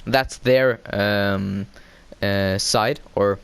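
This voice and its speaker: A man casually recapping a show episode. He hesitates a lot, fills pauses with "uh" and "um", corrects himself, and gets excitable as he retells the scenes. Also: lowish voice, creaky, clean tone, dry recording. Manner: hesitant, heavy fillers and self-corrections.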